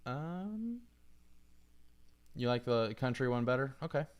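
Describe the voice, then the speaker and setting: Relaxed man streaming and chatting. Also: mid-range voice, takes it slowly, smooth. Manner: relaxed, rambling, thinking aloud while editing. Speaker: streamer, content creator. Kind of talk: casual livestream chat.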